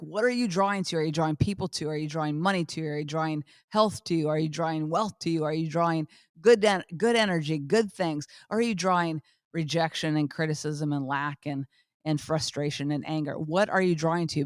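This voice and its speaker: A woman's voice: on the low side, no room sound, studio quality. A middle-aged woman hosting a motivational podcast, talking emphatically and repeating phrases for effect. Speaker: podcast host.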